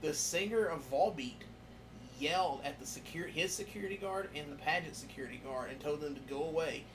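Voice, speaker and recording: A man on a podcast who gets loud and excited telling concert stories. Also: a little high, a little fast, background noise. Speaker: podcast host. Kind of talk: casual podcast chat.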